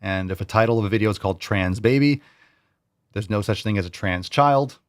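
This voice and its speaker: Male reaction host, lowish voice, dry close sound, mocking and disbelieving. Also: brisk, clear, resonant tone, no echo. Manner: mocking, incredulous, repeats clips. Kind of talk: reaction commentary.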